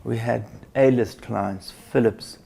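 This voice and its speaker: Gravelly older man telling his story. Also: medium pitch, steady tone, slow, mellow, a little hiss or hum. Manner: anecdotal, with restarts and quoted dialogue. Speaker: business educator, interviewee. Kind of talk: reflective storytelling.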